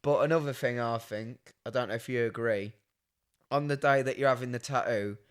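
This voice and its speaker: A man's voice: mid-range voice, fairly quick, clean tone. A man, a tattoo artist co-hosting a podcast, chatting bluntly and swearing a lot as he tells stories and mimics other people. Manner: blunt, sweary, animated storytelling with mimicked voices. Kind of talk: casual banter.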